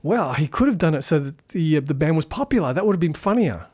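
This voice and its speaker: A man's voice: a little high, very animated, fast, darkish tone, slightly rough. A man giving a casual spoken film review, rambling and critical as he thinks aloud.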